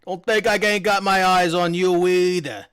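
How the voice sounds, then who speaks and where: Brief: man voicing a blustering small-town constable, loud and bullying, higher than his own voice. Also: steady tone, normal speed. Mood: aggressive, bullying. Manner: gruff, bullying, streetwise talk.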